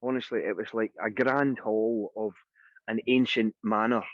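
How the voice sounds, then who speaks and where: A Scottish singer being interviewed, telling anecdotes in a casual, animated way and acting out the voices of the people in them. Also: male voice, on the low side, moderate pace, no room sound. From Scotland. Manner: lively anecdotal storyteller, acts out quoted voices. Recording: dry, dull lo-fi sound.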